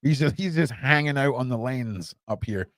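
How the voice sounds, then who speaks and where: A young man hosting a podcast, chatting excitedly and sarcastically in a casual, slangy way. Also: medium pitch, normal speed, no room sound. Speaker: podcast host. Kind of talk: casual livestream chat.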